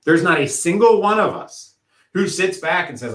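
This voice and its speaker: A man presenting an educational workshop, explaining things in a steady way and using vivid analogies. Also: sits high, moderate pace. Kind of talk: educational talk. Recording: echoey room.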